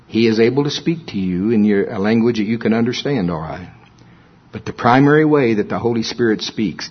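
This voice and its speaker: A man's voice: lowish voice, breathy edge. A man preaching a sermon in a folksy way, with humorous asides to the congregation. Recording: dull lo-fi recording.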